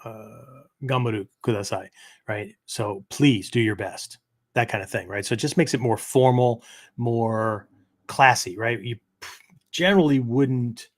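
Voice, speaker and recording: A man's voice: mid-range voice, a little slow. A middle-aged man hosting a podcast, explaining phrases in a casual, rambling teaching style and tagging nearly every sentence with "right?" or "okay?". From United States. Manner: peppers talk with "right?" and "okay?"; rambling, self-correcting explanations. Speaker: martial arts podcast host.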